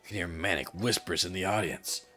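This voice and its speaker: A man streaming, reading a story game aloud with expressive storytelling. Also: deep voice, a little fast, soft background music.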